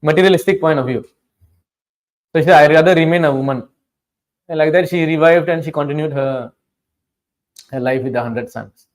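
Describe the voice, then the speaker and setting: A man's voice: fairly high pitch, brisk, long pauses. Chatty man telling a scripture story. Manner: chatty, keeps asking the listeners questions; simple, informal phrasing with frequent restarts. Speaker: teacher of scripture.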